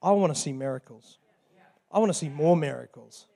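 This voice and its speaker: A man with an Australian accent preaches a sermon as a guest pastor, jovially joking and bantering with the congregation. His voice is fairly high, a little fast, creaky and dark in tone, echoing through a church hall with long reverb.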